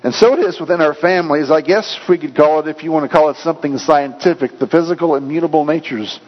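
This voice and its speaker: An earnest male preacher delivering a sermon, his voice swelling and then dropping low. The sound carries a long hall reverb and a muffled, lo-fi tone. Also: quick pace. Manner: earnest, with swings between raised and hushed delivery.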